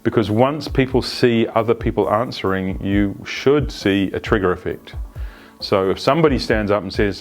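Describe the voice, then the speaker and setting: Man, lowish voice, coaching talk, conversational asides and restarts, faint music underneath. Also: normal speed. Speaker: agile coach presenting a video series. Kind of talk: unscripted instructional talk.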